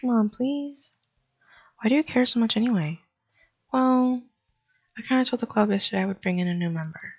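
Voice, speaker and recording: A woman's voice: fairly high pitch, normal speed, pauses often, voice pushed up. A woman voicing a cheerful, clingy teenage schoolgirl while reading game dialogue aloud in a chirpy, pleading, upbeat way. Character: bubbly cheerful teen schoolgirl, clingy and sweet.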